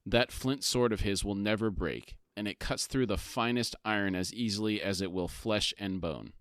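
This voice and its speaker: A man's voice: fairly low pitch, normal speed, a bit bright, smooth, dry recording, clean studio sound. A man co-hosting a book podcast, recapping chapters and reading dialogue aloud in plain tones. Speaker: podcast co-host. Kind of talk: casual chat and plot recap.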